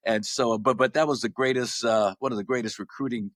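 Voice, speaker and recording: A man in his sixties from Los Angeles, a former basketball player telling stories as a podcast guest, animated and often repeating words as he restarts. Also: mid-range voice, a little fast, no echo, studio quality. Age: 60s. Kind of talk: casual storytelling.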